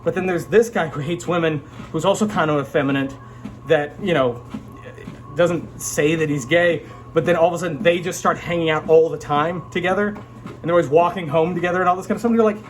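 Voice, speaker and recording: Rambling man with a slightly high voice. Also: a little fast, slight background noise. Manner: rambling, frank, frequent fillers and restarts. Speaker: vlogger reviewing an anime. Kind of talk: casual spoken review.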